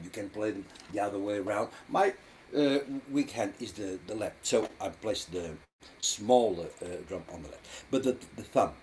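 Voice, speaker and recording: A man's voice: fairly low pitch, slight background noise. A man in his twenties teaching a live drumming lesson, counting the beats aloud and encouraging learners. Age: 20s. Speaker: drum facilitator. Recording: drums playing loudly behind.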